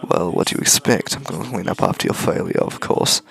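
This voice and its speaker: A man voicing a scheming male villain with a croaky, hushed voice and mock-polite threats. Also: low-pitched, fairly quick, full character voice. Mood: menacing.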